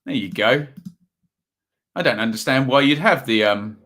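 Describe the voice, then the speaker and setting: A man's voice: mid-range voice, lively intonation, moderate pace, fairly bright tone. A man hosting a live football stream, chatting with viewers and reading out scores, a little tired. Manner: chatty, reads out chat messages and scores. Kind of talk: casual live-stream chat and score updates.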